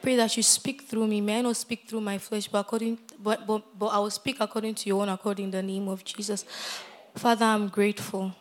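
A woman preaching a sermon, repeating key phrases and building from quiet prayer to loud, impassioned exhortation. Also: medium pitch, flat delivery, brisk.

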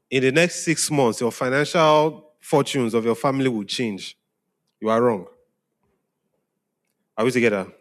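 Male pastor, conversational sermon delivery, mid-range voice, frequent check-ins with listeners. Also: mid-range voice. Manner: conversational preaching, often asking "are we together?". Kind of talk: sermon to young congregation.

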